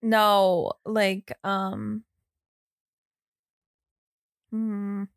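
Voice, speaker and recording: A woman co-host banters loosely in slang and reacts with quick casual remarks. Her voice sits at an ordinary pitch and is recorded dry and close. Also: little pitch movement, gravelly, dry recording. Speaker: podcast co-host. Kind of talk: casual chat.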